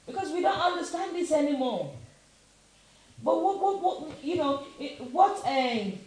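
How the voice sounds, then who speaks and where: With a high, expressive, slightly mellow voice and an unhurried pace, this middle-aged Nigerian woman commentates in a Nigerian accent. Her opinion talk is impassioned, emphatic and full of repeated questions, with Yoruba phrases creeping in; the room is very echoey, with faint noise.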